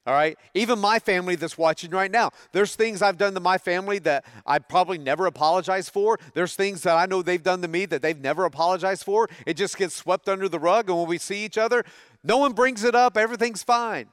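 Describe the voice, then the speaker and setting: A middle-aged man delivers a sermon in a high, clear, resonant voice. He talks in a conversational way and often turns questions to his listeners. The sound is dry and close, with no room echo. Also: brisk. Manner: conversational, asks the audience questions. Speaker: pastor.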